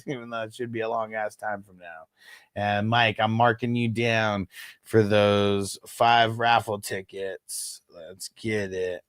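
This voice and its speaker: A man's voice: medium pitch, creaky, fairly bright tone, no echo, clean studio sound. A man in his thirties hosting a fantasy football livestream, chatting casually with viewers in a laid-back, slangy way, with frequent swearing and laughter.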